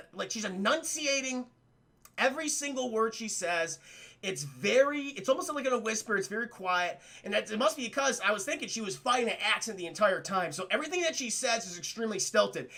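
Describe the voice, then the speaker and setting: A young man streaming a rambling film review to his chat, with a very high voice that has a gravelly edge. He talks loosely, swears freely and breaks into laughter, with a bright, sharp tone. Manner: rambling, profane, addresses chat often, laughs a lot. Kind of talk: casual spoiler review chat.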